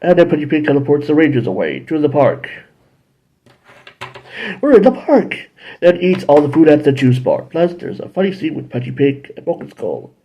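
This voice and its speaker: A man hosting a casual episode review, rambling and correcting himself, now and then jumping into high acted voices. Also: sing-song, quick pace, few pauses, husky, lo-fi sound. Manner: rambling, self-correcting, jumps into high-pitched character voices. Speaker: show host reviewing episodes.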